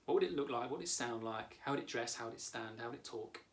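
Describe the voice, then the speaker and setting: A man in his thirties leads a coaching lesson as a therapist. He talks calmly and directly to the viewer at a medium pitch. His delivery is steady and explanatory. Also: fast talker.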